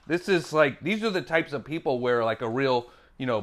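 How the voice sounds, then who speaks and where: A man's voice: medium pitch, moderate pace, few pauses, fairly bright tone. A man hosting a board game unboxing, off the cuff and playful, with goofy asides.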